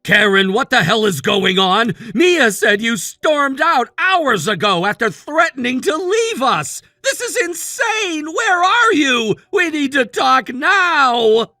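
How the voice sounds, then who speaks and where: A man's voice: sits high, sing-song, unhurried, few pauses, bright, forceful tone, no echo, clean studio sound, soft background music, exaggerated voice. A man playing an exasperated scolding husband. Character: exasperated middle-aged husband, dismissive. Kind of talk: text-message story voice acting.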